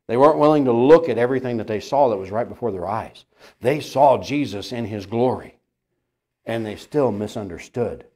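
A man preaching a sermon lesson, earnest and emphatic, asking his listeners rhetorical questions and swinging between loud peaks and quiet lines. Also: mid-range voice. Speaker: pastor.

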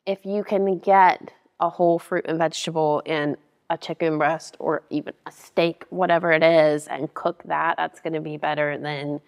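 Woman dietitian guest, low-ish voice, easygoing explainer, reverberant room. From Alaska. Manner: chatty, laughs easily, explains plainly. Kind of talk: casual interview chat.

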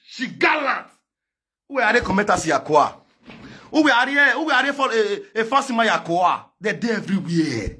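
A man with a Nigerian Pidgin accent, delivering a loud comic rant in chanted, repetitive call-outs. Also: high voice, sing-song, normal speed, husky. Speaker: online comedian. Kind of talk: singing and shouting comic rant.

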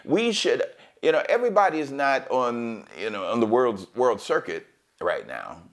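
A man preaching a sermon as pastor, teaching verse by verse and quoting scripture in a raised, drawn-out voice. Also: medium pitch, sing-song. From United States. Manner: emphatic preaching, quotes scripture in a raised, slowed voice.

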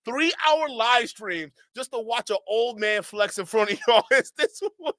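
A man with a high, bright, forceful voice reacts on a live stream, mocking what he watches in casual slang. He laughs through almost every line. The sound is dry and close to the mic. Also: lively intonation, measured pace, dry recording.

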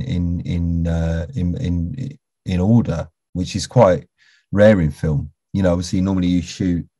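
A man's voice: low voice, dark tone, breathy edge, no room sound. A middle-aged British man, an actor, casually telling a long anecdote in a rambling way, full of restarts and "you know", sometimes dropping almost to a whisper. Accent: British English. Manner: rambling, with many restarts and "you know"s, drops to a near whisper when quoting. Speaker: actor interviewed as a guest.

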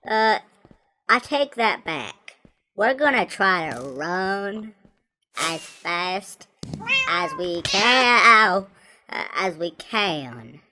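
A woman's voice: medium pitch, very slow. A woman commenting on a block game as a small, rebellious talking flower pot, stammering and repeating her words. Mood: nervous chatter. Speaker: gameplay commentator. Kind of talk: in-character gameplay commentary. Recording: home mic with steady hiss.

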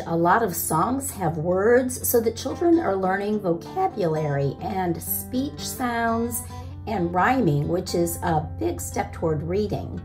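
A woman, a parent educator, gently teaching young children about music in a sing-song manner. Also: mid-range voice. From Missouri. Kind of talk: children's music lesson with singing.

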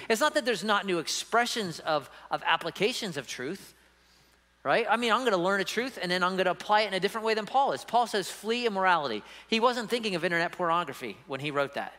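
A man's voice: high-pitched, expressive, quick pace, sharp tone, in a large hall. A man preaching a sermon as pastor, emphatic and conversational, often checking in with the congregation. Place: church sanctuary.

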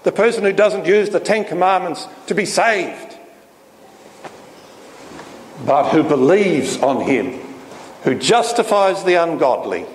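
Emphatic male preacher in an echoey hall. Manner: emphatic, rhetorical questions, pitch swinging up and down. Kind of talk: sermon. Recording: echoey hall with faint noise.

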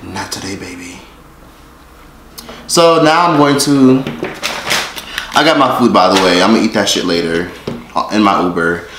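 A man's voice: fairly low pitch, normal speed, pauses often, a crowd in the background. A man vlogging casually to his phone camera, joking with viewers and swearing often. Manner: profane, joking, talks to viewers directly. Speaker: YouTuber vlogger. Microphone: phone held by hand. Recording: echoey room, faint noise.

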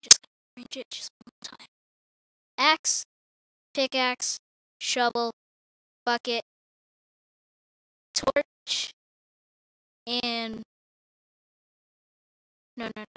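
A woman's voice: on the high side, sharp tone. A woman giving casual, rambling commentary while playing a video game, often correcting herself and talking to viewers. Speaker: gamer.

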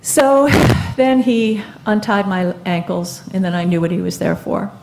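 A woman in her seventies speaking onstage at a live event, telling her own story in an earnest, halting way with many fillers and restarts. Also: medium pitch, vocal fry, noisy background. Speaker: guest speaker. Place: live event stage before an audience.

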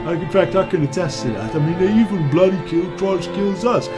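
A man's voice: high voice, fairly quick, over music, lightly acted. A man voicing a blunt orc adventurer.

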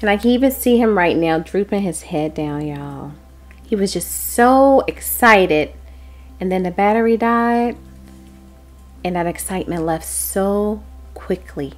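A woman hosting a devotional prophetic message, speaking earnestly and dropping into soft, whispered prayer. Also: mid-range voice, lively intonation, measured pace, soft background music. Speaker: host and prophetic teacher.

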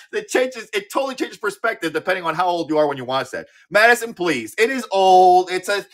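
A man in his thirties hosting a live-auction stream in casual chat, excitable, swearing freely and often repeating his words. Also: high voice, brisk. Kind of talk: casual livestream sales chat.

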